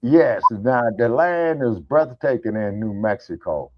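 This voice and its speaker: A man's voice: medium pitch, animated, unhurried, a little hiss or hum. A man co-hosting an online talk show who tells folksy road stories, swears freely and acts out the dialogue himself. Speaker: co-host. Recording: dull, dry lo-fi audio.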